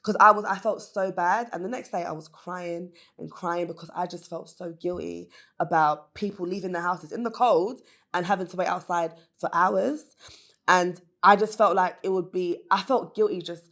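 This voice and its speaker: A woman speaks as a guest on a podcast and tells her story candidly and earnestly. Her voice sits fairly low, and she uses fillers and restarts. She talks in a casual way. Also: normal speed, fairly bright tone. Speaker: guest, business founder. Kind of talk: casual interview chat.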